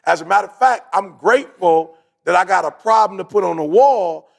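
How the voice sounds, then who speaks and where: A man in casual podcast chat, telling a story in a slangy, animated way and acting out what people said. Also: high voice, fairly quick, creaky. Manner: animated, slangy, acts out his own quotes.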